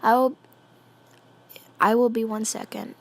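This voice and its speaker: A woman voicing a kind young nurse in a read-aloud story, speaking gently. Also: fairly high pitch, little pitch movement, unhurried, creaky. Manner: gentle, soft-spoken.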